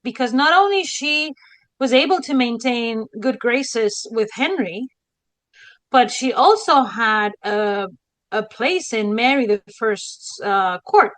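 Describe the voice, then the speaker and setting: A woman's voice: on the high side, expressive, takes it slowly, fairly bright tone, no room sound, poor audio. A woman from Spain, a historian co-hosting a casual podcast chat in a dramatic, theatrical way. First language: Spanish. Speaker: historian co-host.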